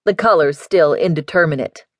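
A woman's voice: low-pitched, normal speed, no echo, clean studio sound, close to an everyday voice. A woman voicing a big, easygoing male professor who teases dryly. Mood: wry. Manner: wry, teasing.

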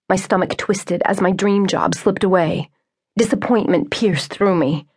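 Brief: female audiobook narrator, clear, steady, first-person storytelling. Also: fairly low pitch, moderate pace.

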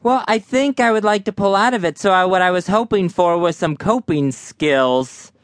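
A man co-hosts a comedic radio show with a smooth, clear voice a little higher than most. He answers his partner in a dry, deadpan way, close to a dead studio mic. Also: normal speed, no room sound. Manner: deadpan, wry. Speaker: radio co-host.

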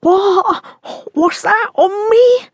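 A woman doing a panicky, high-voiced young man. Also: very animated, takes it slowly, dry recording, clean studio sound, heavily acted. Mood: frightened. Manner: high-pitched, strained, panicky. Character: frightened heavyset young man, nervous.

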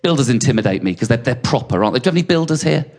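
A middle-aged man performing stand-up comedy, telling self-mocking stories with quick asides to the audience. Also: medium pitch, expressive, a little mellow, a faint crowd. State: sweating on stage. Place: comedy venue with a live audience.

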